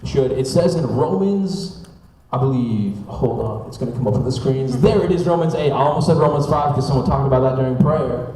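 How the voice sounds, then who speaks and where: A young man preaching a sermon, telling a personal story in a chatty, animated way. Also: mid-range voice, brisk, a crowd in the background. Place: church sanctuary. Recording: echoey church hall from far off.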